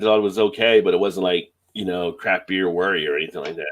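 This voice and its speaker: A man's voice: low-pitched, quick pace, fairly bright tone. A man hosting a casual beer live stream, reading viewer comments aloud and laughing often. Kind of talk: casual chat.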